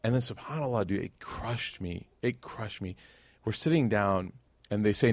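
A man, giving a religious lecture as a casual, animated storyteller who acts out quotes. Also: on the low side, normal speed, no echo.

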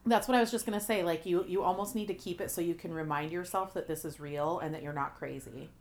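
A woman's voice: lowish voice, fairly even intonation, fast talker, a little mellow. A woman hosting a casual chat, responding supportively with frequent short affirmations.

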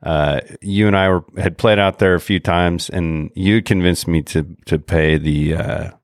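A man co-hosting a podcast, chatting casually in a rambling, halting way with lots of pauses. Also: sits low, steady tone, no room sound, clean studio sound. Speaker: podcast co-host. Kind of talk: casual chat.

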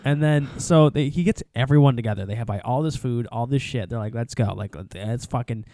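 Male podcast co-host, casual recap, mid-pitched, swears freely, dry studio sound. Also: a little fast, no echo. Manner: animated retelling, acts out characters, swears often. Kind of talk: casual movie recap chat.

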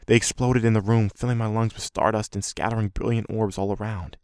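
A man's voice: fairly low pitch, steady tone, a little fast, a little mellow, smooth, dry recording, clean studio sound, natural voice. A man voicing a curious, earnest son who is desperate to learn a family secret. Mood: dreamy.

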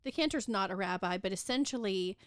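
A woman's voice: mid-range voice, animated, a little fast, no echo, studio quality. A woman co-hosting a book club podcast, casually retelling a novel's plot with many fillers and asides.

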